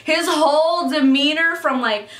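A young woman in her twenties tells a story in a chatty, casual way, swearing freely and filling her speech with "like." Her voice sits high, and the room around it is echoey. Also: a little slow, a bit bright. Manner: chatty, swears often, says "like" constantly. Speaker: vlogger.

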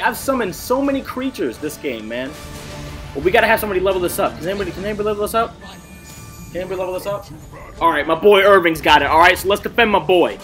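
This gameplay streamer has a voice that sits high, and he talks into a desk mic at his gaming rig. His live commentary is excited, profane and hyped, full of trash talk aimed at the other team, lurching from muttering to shouting.

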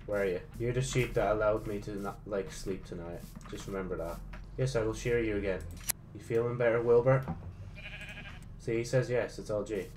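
A man hosting his own gaming channel, giving casual gameplay commentary, excitable and swearing often as he talks to himself. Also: on the low side, normal speed, slight background noise.

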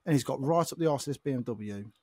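A man from the telling an animated story on a casual podcast. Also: mid-range voice, fast talker, breathy edge, no room sound, studio quality. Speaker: podcast co-host, truck driver.

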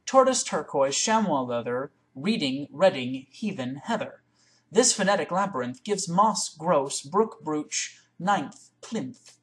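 A woman reading a poem aloud in one take into a webcam, with careful, deliberate, word-by-word recitation. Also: deep voice, expressive. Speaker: reader.

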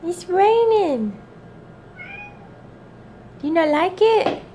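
A woman's voice: extremely high pitch, very animated, extremely slow, warm tone, slight background noise. A young woman talking baby talk to her pet cat at home, with the cat meowing in the background. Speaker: vlogger.

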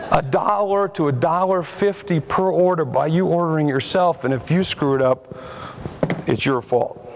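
A man giving a conference keynote on stage, telling stories in a brash, punchy way and bursting into shouts. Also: high-pitched. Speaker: keynote speaker. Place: conference hall before a live audience.

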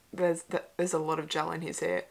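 A woman's voice: low-pitched, little pitch movement, a little fast, gravelly. A young woman hosting a casual movie reaction, chatty and emotional, with whispered asides. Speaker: host.

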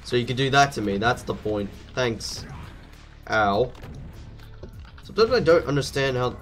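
A man's voice: mid-range voice, expressive, a little slow, long pauses, a bit bright, faint music behind. A man giving let's play commentary, jumpy and thinking aloud, swearing at the enemies as he plays. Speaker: gameplay commentator.

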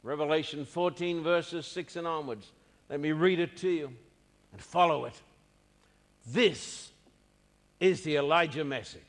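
A man's voice: on the high side, unhurried, pauses often, long reverb tail. A man preaching a sermon, emphatic and repeating his key phrases.

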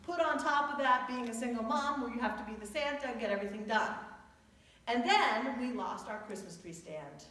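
A woman's voice: fairly high pitch, fairly bright tone. A woman pastor preaching a sermon, telling stories with humor and leaning into phrases. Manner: storytelling with humor, drawn-out emphatic phrases. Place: church sanctuary. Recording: echoey church heard from a distance.

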